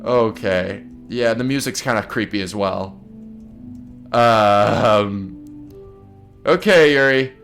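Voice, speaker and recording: A man's voice: on the low side, slow, creaky, long pauses, a bit bright. A man giving gameplay commentary, flustered and swearing a lot as he talks to his viewers. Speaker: let's play gamer. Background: game music.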